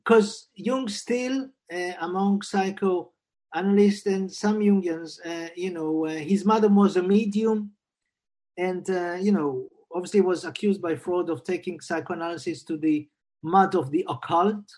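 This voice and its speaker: A man in his sixties, a psychiatrist and Jungian analyst, telling a personal family story in a thoughtful, unhurried way, often repeating words as he goes. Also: high-pitched, a little mellow.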